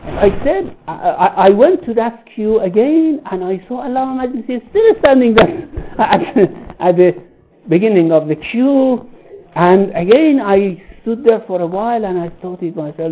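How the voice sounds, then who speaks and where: A man giving a religious lecture, telling a story, halting often to restart and rephrase. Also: sits high, big pitch swings. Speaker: religious teacher. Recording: tinny phone-like line with faint noise.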